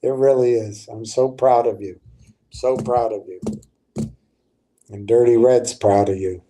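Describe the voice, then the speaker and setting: An older man talks slowly through his livestream, his voice mellow and unforced. He rambles, stops mid-phrase, restarts, and speaks straight to his viewers as he comments on stocks. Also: mid-range voice, fairly even intonation, a little hiss or hum.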